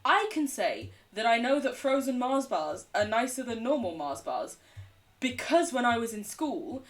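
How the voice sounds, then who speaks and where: An English woman chatting casually while streaming a game, animated, laughing often and swearing freely. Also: medium pitch, recorded from a distance. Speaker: livestreamer. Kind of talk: casual chat while gaming.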